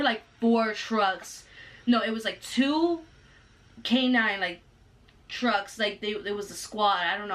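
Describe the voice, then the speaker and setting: A woman telling a story in a casual vlog, animated and full of slang. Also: fairly high pitch, recorded from a distance. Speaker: vlogger.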